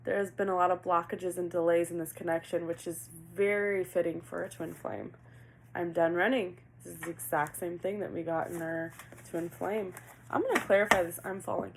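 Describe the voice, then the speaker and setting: Woman tarot reader, low gravelly voice, chatty and animated, asks questions aloud, faint hiss. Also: brisk. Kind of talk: casual tarot reading.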